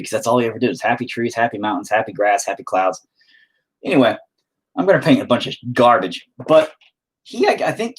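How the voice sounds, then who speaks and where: A man's voice: lowish voice, animated, brisk, slightly rough. Give me a profane, self-deprecating man rambling casually to his stream viewers as he paints. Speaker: livestreaming painter reading chat.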